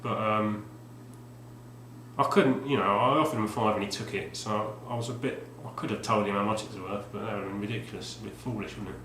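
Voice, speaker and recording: Here a man on the low side, steady and fairly bright in tone, speaks at a quick pace about a game he bought, in casual video-talk style. As a retro game collector vlogger, he rambles with lots of fillers and frequent restarts, recorded amid roomy echo and faint hum.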